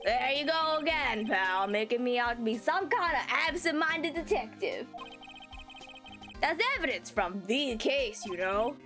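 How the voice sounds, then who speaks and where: A woman's voice: high-pitched, animated, unhurried, sharp tone, soft background music, full character voice. A woman reading the lines of a loyal, bumbling male police detective from a game, chummy and eager. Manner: eager and chummy, calls people pal. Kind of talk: reading game dialogue aloud.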